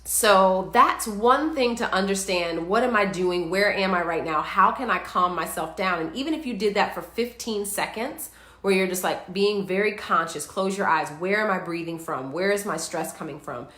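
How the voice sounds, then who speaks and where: Woman, wellness coach, live stream host, upbeat and chatty, middle pitch, echoey room. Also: moderate pace, fairly bright tone. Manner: upbeat, chatty, guides viewers through exercises. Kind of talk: live-streamed instructional talk.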